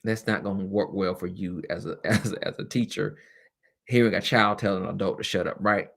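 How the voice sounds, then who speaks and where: Casting note: man, middle-aged, low-pitched, candid webcast host with chatty asides. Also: normal speed, creaky. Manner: candid, lively, laughs often, chatty asides. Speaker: host and former teacher. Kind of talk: casual webcast talk.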